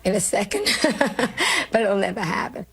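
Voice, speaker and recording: Gravelly, husky older woman comedian. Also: medium pitch, moderate pace, a bit bright. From New York. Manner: brash, self-mocking, emotional, laughs often. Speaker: comedian interviewee. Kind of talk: candid interview storytelling.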